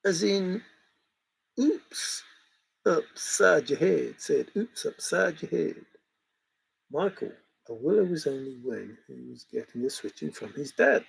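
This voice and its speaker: Gravelly, husky man chatting slowly. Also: on the high side, lively intonation, low-quality recording. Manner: rambling, chuckling, reacting to chat comments. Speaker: livestream host reading chat. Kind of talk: casual chat.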